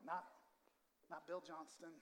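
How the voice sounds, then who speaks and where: A man's voice: a little high, little pitch movement, unhurried, fairly bright tone, long reverb tail, a little hiss or hum. A man preaching a sermon to his church, in a conversational way, often repeating words and asking the room "right?". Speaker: pastor. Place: church sanctuary.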